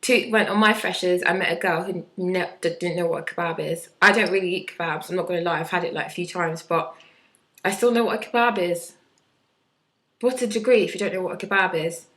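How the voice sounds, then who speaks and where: A woman's voice: fairly low pitch, fairly even intonation, fairly quick, fairly bright tone, low-quality recording. A woman in her twenties chatting bluntly and sarcastically in a casual vlog, with mocking impressions. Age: 20s. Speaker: vlogger.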